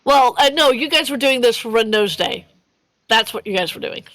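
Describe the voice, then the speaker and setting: A woman's voice: fairly high pitch, animated, normal speed, fairly bright tone, no room sound, poor audio. A woman running a tabletop game as game master, chatty and giggly, often stumbling and repeating words. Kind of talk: casual tabletop game narration.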